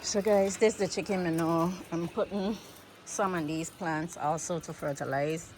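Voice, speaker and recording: Lady chatting to her phone out on the farm, easygoing and excitable, low voice. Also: normal speed, background noise. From United States. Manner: chatty, excitable, talks straight to viewers. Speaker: farm vlogger. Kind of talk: casual vlog narration while working. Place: outdoors on a farm.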